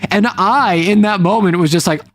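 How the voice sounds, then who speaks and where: A woman streamer in casual chat, rambling along with plenty of fillers. She slips into quick acted snippets of the people she quotes, and soft music plays faintly behind her voice. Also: mid-range voice. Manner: rambling, filler-heavy, acts out quoted lines. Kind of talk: casual chat about romance stories.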